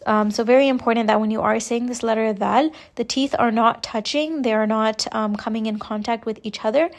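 A young woman teaching Quran recitation rules, explaining each point slowly and patiently. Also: on the high side, steady tone. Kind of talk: step-by-step tajweed lesson.

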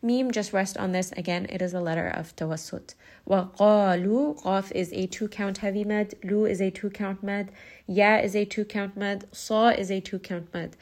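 A woman teaching Quran recitation rules in a calm, methodical way, pausing to model words slowly. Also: medium pitch. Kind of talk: tajweed lesson, explaining and modelling recitation.

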